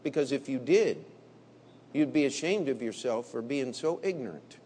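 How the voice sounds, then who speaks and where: A man preaching a sermon in a blunt, combative way, dropping to low murmurs and rising to loud emphatic bursts. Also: expressive, moderate pace, slight background noise. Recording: long hall reverb.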